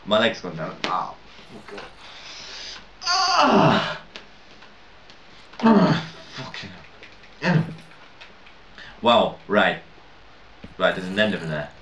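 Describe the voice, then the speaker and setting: Rambling young man, slow, roomy lo-fi mic. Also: sits low, fairly bright tone, a little hiss or hum. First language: not English. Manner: rambling, swears, laughs at himself. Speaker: gameplay commentator. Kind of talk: casual gameplay commentary. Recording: lo-fi roomy home mic at a distance.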